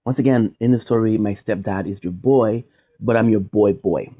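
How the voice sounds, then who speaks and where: A streamer from Quebec, Canada, rambles casually in a monologue, cracking jokes and wandering off on side tangents. His voice is lowish and dark, with a breathy edge, at a moderate pace.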